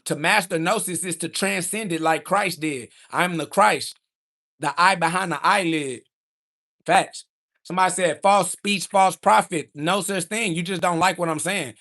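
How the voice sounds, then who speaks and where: A young man holds forth on his livestream in a high, gravelly voice with a sharp, forceful edge. He answers chat comments one by one, brash and profane, preaching in heavy slang. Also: moderate pace. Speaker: livestream host.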